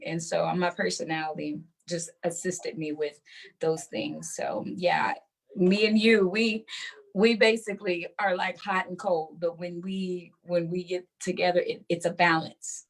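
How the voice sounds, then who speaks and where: Woman guest on a book talk show, kinda low voice, lively and rambly, laughs a lot. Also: unhurried. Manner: animated, laughs easily, many fillers. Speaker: guest author. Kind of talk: conversational interview.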